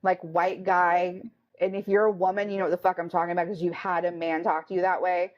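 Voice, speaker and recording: A woman's voice: fairly low pitch, level tone, fairly quick. Woman co-host, casual chat. Blunt, profane, mimics others. Lo-fi recording. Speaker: podcast co-host.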